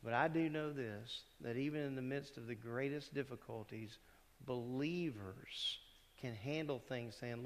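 A man's voice: mid-range voice, measured pace. A male pastor delivering a conversational sermon in a church, often asking the congregation questions. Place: church sanctuary. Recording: church hall reverb.

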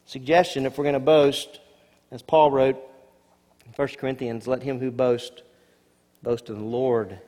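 A man's voice: mid-range voice, unhurried, pauses often. A male pastor delivering a sermon, reading scripture aloud with rising emphasis and casual asides to the congregation. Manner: expressive preacher, rising emphasis on key words, asides to congregation. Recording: long hall reverb.

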